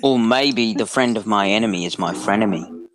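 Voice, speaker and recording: A man's voice: on the low side, normal speed, very noisy. A man improvising comedy with wry, joking asides. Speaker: improv player.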